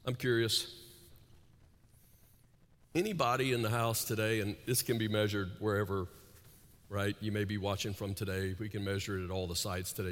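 A pastor preaching a sermon in a large church auditorium. He talks with high energy, swings between soaring intensity and hushed asides, and keeps tagging lines with "right?". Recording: echoey hall.

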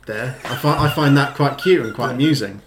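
Regular-pitched guy, casual chat, amused and teasing, bit halting. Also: noisy background.

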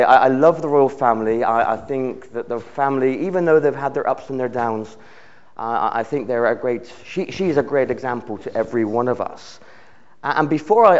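A man preaches a sermon in a church at a middle pitch. His delivery is earnest, with words often repeated as he builds each thought. The recording sounds dull and lo-fi. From United Kingdom. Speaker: visiting preacher. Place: church service.

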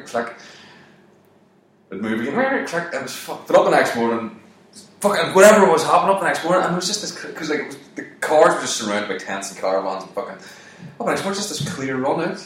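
A man in his thirties, a comedian telling a profane story and swearing constantly, jumping his voice up for quoted shouts. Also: mid-range voice. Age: 30s. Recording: very echoey room, mic at a distance.

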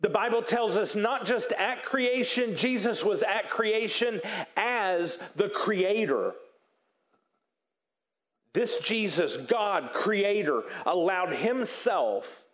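A man preaching a sermon in an earnest, emphatic way with dramatic pauses, dropping to a soft voice when he acts out quoted apologies. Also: sits high. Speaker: pastor.

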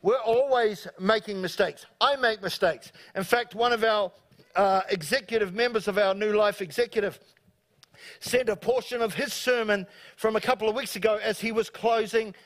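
A man with a New Zealand accent delivers a sermon to his congregation. His voice sits high, and he talks in an animated, joking way, slipping into quoted voices to make his points. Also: normal speed. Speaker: pastor. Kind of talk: live sermon. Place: church service before a congregation.

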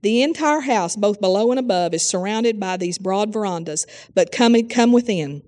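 A woman's voice: mid-range voice, animated, normal speed, a little mellow, lightly acted. A woman reading aloud the tender lines of a loving older brother during a sermon. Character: gentle grown man, tender loving brother.

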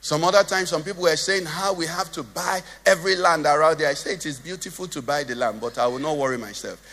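A man's voice: fairly high pitch, quick pace, sharp tone, in a large hall. A Nigerian man preaching a sermon as pastor, joking and asking the congregation questions. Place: church hall.

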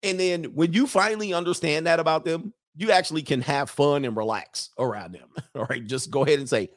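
A man's voice: a little high, fairly quick, few pauses, dry recording, studio quality. A man commenting on a video clip with comedic mockery, breaking into impressions and laughter. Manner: animated, mocking impressions, laughs often.

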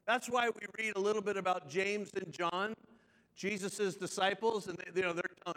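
A man's voice: high-pitched, steady tone, normal speed, a bit bright, long reverb tail, rough recording. A man preaching a sermon as pastor, with chatty, joking asides to the congregation.

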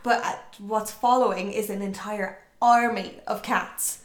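Woman spinning a folk tale, lively, does the voices, echoey room. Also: mid-range voice, unhurried, over a noisy crowd. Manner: lively, acts out voices, laughs often. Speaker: storyteller. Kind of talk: animated folk tale telling among friends. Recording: roomy echo.

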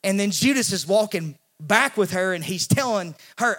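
A male pastor, preaching a sermon in an animated way and acting out the voices in the story. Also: high voice, normal speed. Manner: animated, acts out quoted voices, repeats words when he restarts.

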